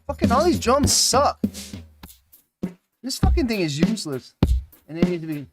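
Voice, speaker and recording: A man's voice: high-pitched, sing-song, moderate pace, long pauses, loud music behind the voice. A man hosting a casual live stream, rambling, swearing freely and laughing often. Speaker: livestream host.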